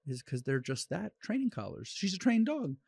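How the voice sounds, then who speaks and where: A man hosting a solo podcast as a dog trainer, talking bluntly and with conviction in quick bursts, with frequent restarts. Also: high-pitched, very animated, creaky, a little mellow, slightly rough, no room sound.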